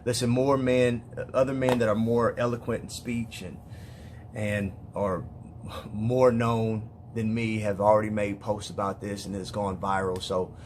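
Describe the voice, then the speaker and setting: A man speaking as a father in an emotional personal monologue, weary and heartfelt, halting with repeated words and restarts. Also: lowish voice, little pitch movement, slight background noise. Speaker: father speaking to other parents.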